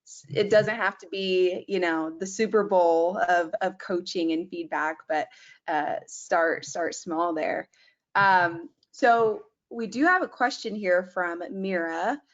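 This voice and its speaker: A woman moderating a webinar, relaxed and thoughtful as she reads out audience questions. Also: lowish voice, slow pace. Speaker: webinar host. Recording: dull lo-fi audio.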